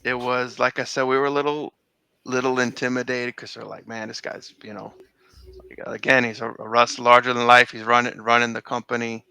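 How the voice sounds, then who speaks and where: A man's voice: mid-range voice, level tone, a little fast, creaky, bright, forceful tone, clean tone, no echo, rough recording. A middle-aged man recalling old times in a casual interview, rambling with many fillers and restarts. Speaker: interview guest.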